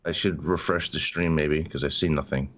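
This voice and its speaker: A man's voice: very deep voice, steady tone, moderate pace, lo-fi sound, background noise. A man co-hosting a livestream, chatting in a laid-back, wry way over an online call. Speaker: co-host. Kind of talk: casual chat on a livestream.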